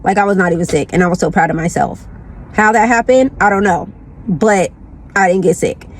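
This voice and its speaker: A lifestyle vlogger chats casually from her car in a mid-range voice, talking a little fast. She's congested with the flu, rambling and repeating herself.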